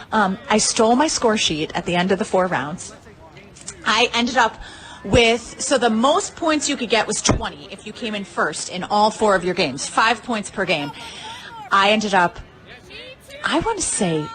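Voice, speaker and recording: A woman gushing excitedly through a story of her own win, swearing freely and full of "like" and "you know.". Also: medium pitch. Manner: uses many fillers like "like" and "you know". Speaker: pinball player telling a tournament story. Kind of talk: casual storytelling monologue.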